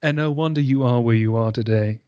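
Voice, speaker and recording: A man's voice: medium pitch, fairly quick, a little mellow, clean tone, no room sound, highs cut off. A man hosting a podcast interview, bantering in a theatrical, flirty way. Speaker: podcast host.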